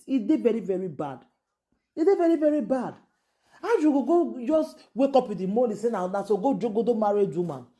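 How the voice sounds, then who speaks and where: A woman from Nigeria with a Nigerian Pidgin accent hosts a casual gossip show, speaking in an exclaiming, repetitive, incredulous way. Her voice is lowish and dark in tone.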